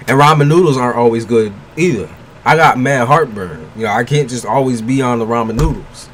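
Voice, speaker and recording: Over slight background noise, a man speaks a little fast in a medium pitch while doing a livestream tarot reading. He keeps the chat with viewers casual, joking and swearing, laughing a lot, and giving his advice bluntly and frankly.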